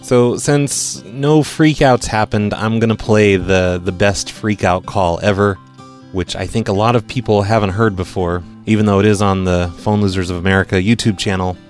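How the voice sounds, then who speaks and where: A man's voice: lowish voice, moderate pace, soft background music. A man hosting his show, laid-back and amused as he introduces an old prank call. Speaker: podcast host and prank caller. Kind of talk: casual show commentary.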